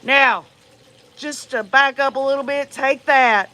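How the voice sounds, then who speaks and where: A woman's voice: high-pitched, fairly even intonation, a little slow, bright, forceful tone. A woman hosting a livestream, giving blunt, profane, emphatic commentary and talking straight to her viewers. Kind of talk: casual true-crime commentary.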